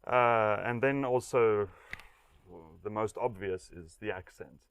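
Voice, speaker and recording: A man, an English teacher, answering interview questions in a relaxed, hesitant way with many fillers and light laughs. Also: fairly low pitch, slow, smooth.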